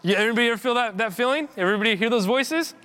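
A man preaches in a church in a loose, conversational way, with a voice pitched high for a man. He often repeats words as he searches for them. When he stresses a point, his voice climbs and gets louder. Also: racing. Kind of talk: informal sermon.

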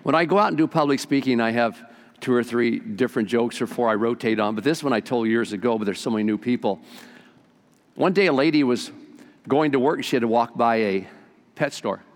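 An older man preaching a sermon as pastor, folksy and animated as he tells stories to his congregation. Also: medium pitch, a little fast, in a large hall.

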